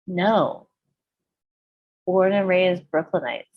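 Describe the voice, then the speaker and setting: A woman's voice: on the low side, slow, phone-quality sound. Blunt, swearing woman podcast host. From San Francisco Bay Area. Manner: swears freely, animated storytelling. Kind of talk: casual chat.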